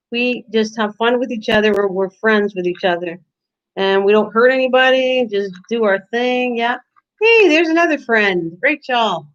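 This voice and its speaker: An older woman hosting a casual live stream from her home kitchen, chatting with viewers by name and laughing often. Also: a little high. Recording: lo-fi stream audio.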